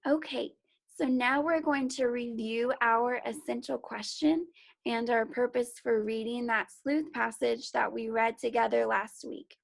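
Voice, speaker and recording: A woman teaching young children to read from home. She talks slowly and patiently, sounding out letters and praising each try. Her voice sits a little high with a gravelly edge. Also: fairly even intonation. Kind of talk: remote phonics and reading lesson for young children.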